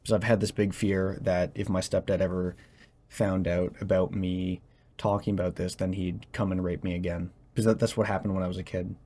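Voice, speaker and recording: A young man speaking in a personal confessional monologue, halting and hesitant as he searches for words, tense as he talks. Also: deep voice, little pitch movement, mellow. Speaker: vlogger.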